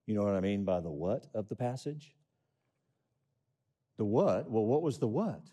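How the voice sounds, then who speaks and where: A man's voice: lowish voice, warm tone, slightly rough. A middle-aged man preaching a sermon, reading scripture and asking the congregation questions with rising emphasis. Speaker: pastor.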